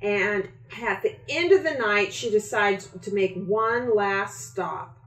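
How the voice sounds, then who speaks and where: A woman author reading her children's book aloud, slow and expressive. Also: mid-range voice. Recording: echoey room.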